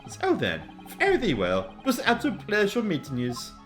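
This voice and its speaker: A woman voicing a pompous Irish gentleman in a put-on brogue, speaking with folksy turns of phrase. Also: medium pitch, wildly swooping pitch, normal speed, faint music behind, voice pushed up. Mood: smug farewell.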